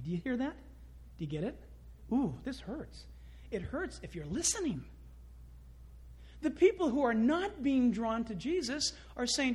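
Animated male preacher with lively pitch. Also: measured pace, long pauses, breathy edge. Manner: animated preaching with acted-out quotes. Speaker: pastor. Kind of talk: sermon.

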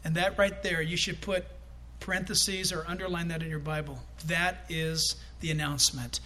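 Middle-aged guy preaching, high bright voice, super animated, gets loud acting stuff out. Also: moderate pace. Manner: animated, acts out quotes with sudden loud bursts. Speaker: pastor. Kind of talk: sermon.

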